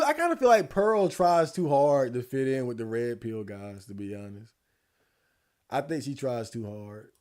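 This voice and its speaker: A man streaming casual commentary, laid-back and slangy, swearing freely and laughing often, a little hoarse. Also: mid-range voice, darkish tone. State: losing his voice. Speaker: streamer reacting to election night.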